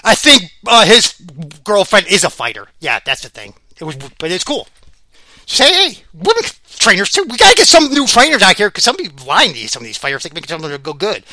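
A man hosting a sports podcast, chatting in a rambling, excitable way and laughing often. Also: high voice, fairly quick, no echo. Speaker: podcast host. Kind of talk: casual rambling sports chat.

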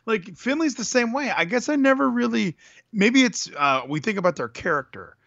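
A man's voice: very high-pitched, expressive, normal speed, vocal fry, a bit bright, dry recording, muffled recording. A man chatting casually about wrestling, rambling and correcting himself. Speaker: podcast co-host.

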